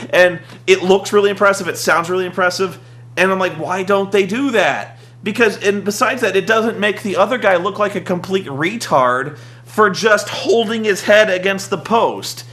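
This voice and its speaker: Young man, high voice, rambling, sarcastic, casual rant. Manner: rambling, sarcastic, mocks with shouted impressions. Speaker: podcast host recapping wrestling.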